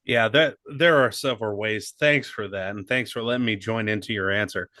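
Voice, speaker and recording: A man co-hosting a podcast in casual chat, emphatic and excitable, swearing freely. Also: lowish voice, fairly quick, dry recording, clean studio sound. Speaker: podcast co-host.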